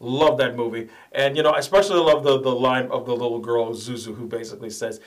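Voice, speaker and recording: A man co-hosting a casual holiday show, gushing and excitable. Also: fast talker. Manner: excitable, gushing, swoops into high squeals. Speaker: co-host. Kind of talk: casual chat.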